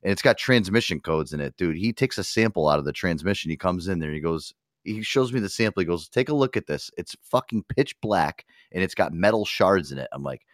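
Male podcast host, deep and animated, laughs through profane stories. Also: a little fast, dry recording, studio quality. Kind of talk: casual banter.

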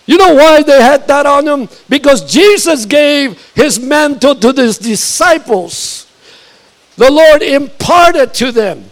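An older male pastor with a strikingly high voice preaches a fiery sermon. He tells personal stories in a quick conversational way, then builds to shouted declarations.

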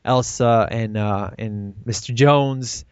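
Guy cohosting a movie podcast, excited, laughs a lot, dull dry mic sound. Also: mid-range voice, slow pace, smooth, dry recording. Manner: animated, laughs often, acts out quotes. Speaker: podcast co-host. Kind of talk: casual movie discussion.

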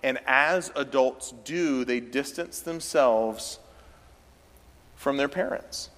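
With a slightly bright, mid-range voice, a Southern American pastor takes his sermon slowly. He talks conversationally and then rises into emphatic bursts. The sanctuary's hall sound adds a long reverb.

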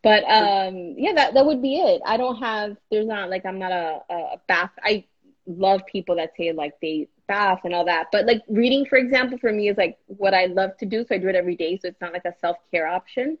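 A woman's voice: medium pitch, a little fast, lo-fi sound. A woman with a Miami accent, a photographer guest in a casual live interview, talking animatedly and acting out quotes. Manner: animated, laughing often, acts out quotes.

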